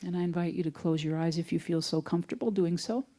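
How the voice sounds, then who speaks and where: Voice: mid-range voice, quick pace, mellow. Conversational minister giving a sermon. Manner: conversational, folksy storytelling. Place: church sanctuary, also streamed online.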